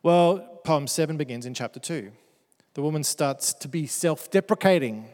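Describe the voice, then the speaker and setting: A man's voice: a little high, normal speed, darkish tone. A man preaching a sermon who reads verses aloud and breaks into playful, joking asides. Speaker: pastor. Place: church hall. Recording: church hall with long reverb.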